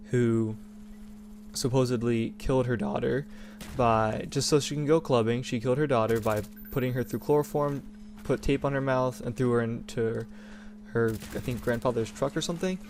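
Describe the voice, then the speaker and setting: A man's voice: mid-range voice, fairly even intonation, moderate pace, a little mellow, slight background noise. A young man hosting a gaming channel, talking in a rambling, indignant rant with many restarts. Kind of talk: casual opinion rant over gameplay.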